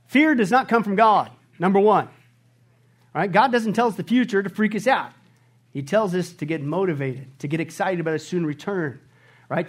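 Pastor, man, high voice, animated sermon delivery, constant rhetorical questions, hushed to booming. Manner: animated, rhetorical, keeps asking "right?"; swings from hushed to loud and emphatic. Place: church service before a congregation.

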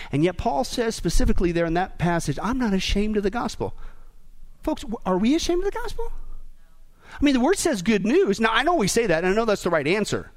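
A man preaching a sermon in a joking, exclamatory manner. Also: extremely high pitch. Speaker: pastor.

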